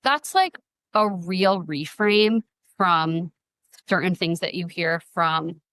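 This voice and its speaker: A young woman talking on a podcast in a casual, earnest way, with plenty of fillers. Her voice sits low for a woman. The sound is dry and close. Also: slow pace, a bit bright, no room sound. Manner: earnest, uses many fillers like "like" and "um". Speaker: guest, advocacy founder.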